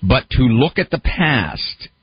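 A man's voice: mid-range voice, very animated, takes it slowly, slightly rough, dry recording, dull audio. A man giving a conversational talk on psychology, working through everyday examples and posing questions to the listener. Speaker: speaker on psychology and self-help. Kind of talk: conversational lecture.

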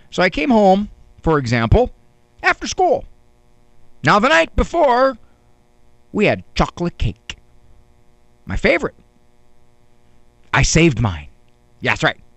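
A man telling a wry, deadpan story in a monologue, with dramatic pauses, as a counselor. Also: high voice, no room sound. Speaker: counselor and speaker.

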